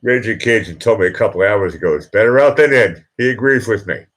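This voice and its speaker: Teary guy rambling on his late night stream, low voice that swings up and down a lot. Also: expressive, fairly bright tone. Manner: emotional, rambling, halting, on the verge of tears. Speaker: livestream host. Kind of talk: emotional late-night live chat.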